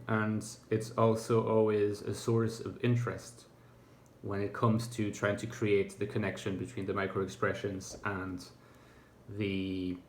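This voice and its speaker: A YouTuber talks to camera in a reflective, casual monologue, thoughtful and hesitant, with many fillers and restarts. His voice is lowish, with a little hiss or hum, and the room sounds echoey.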